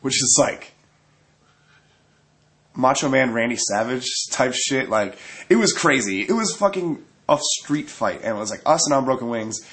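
A man's voice: mid-range voice, lively intonation, moderate pace, fairly bright tone. A man casually telling a profane, rambling story about a fight on tour. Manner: profane, laid-back, rambling.

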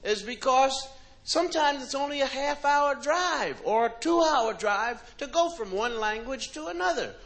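An American man doing stand-up comedy in an animated, mocking, playful way. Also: very high voice, poor audio. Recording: live show with loud audience laughter. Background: audience laughing.

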